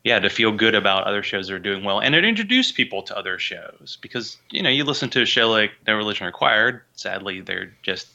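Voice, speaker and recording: Bright-voiced joking man, low pitch. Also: very animated, fairly quick, creaky, few pauses, lo-fi sound. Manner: self-deprecating, joking. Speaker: guest podcaster. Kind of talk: casual radio interview.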